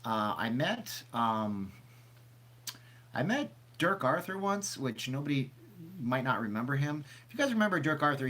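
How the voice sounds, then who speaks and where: A man's voice: mid-range voice, a bit bright. A man hosting a casual livestream, rambling and chatty as he reads questions from the chat aloud, sniffly from seasonal allergies. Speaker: channel host answering live chat.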